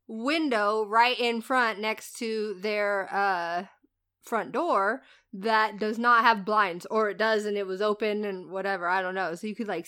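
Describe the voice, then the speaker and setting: A woman's voice: a little high, pushed and bright, smooth. A woman in her thirties telling stories in casual chat, swearing freely and laughing often.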